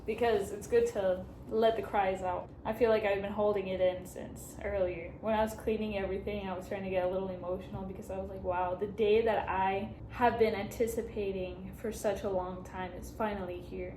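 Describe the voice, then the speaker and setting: A woman's voice: mid-range voice, level tone, fairly quick, few pauses, dark tone. A young woman chatting emotionally in a casual vlog, gushing as she reads a card aloud. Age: young adult. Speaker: vlogger. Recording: echoey room, faint background noise.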